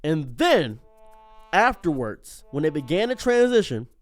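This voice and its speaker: A man giving an unscripted commentary monologue as a streamer, animated and prone to tangents, often stopping himself mid-sentence. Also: a little high, a little slow, no room sound.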